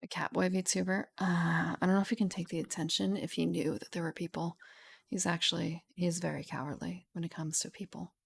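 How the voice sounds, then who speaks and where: A young woman streamer reading a game rulebook aloud at home into a studio mic, softly and half-whispered, with chatty asides. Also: lowish voice, level tone, a little fast, creaky, husky. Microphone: studio mic with pop filter.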